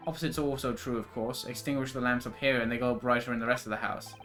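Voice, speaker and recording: A man's voice: medium pitch, steady tone, quick pace, fairly bright tone, faint music behind, lightly acted. A man voicing a confident, eccentric male detective who lectures breezily. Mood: explaining.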